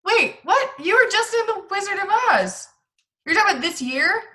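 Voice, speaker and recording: A woman's voice: very high-pitched, sing-song, normal speed, bright, forceful tone. A woman, a local actress, chatting casually on a podcast in a bubbly way with lots of fillers. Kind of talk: casual chat.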